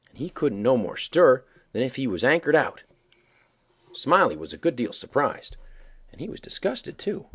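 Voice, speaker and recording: Husky guy telling an old folksy tale, voice goes up and down a lot. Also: mid-range voice. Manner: folksy yarn-spinning, animated. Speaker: audiobook reader. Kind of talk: folksy storytelling narration.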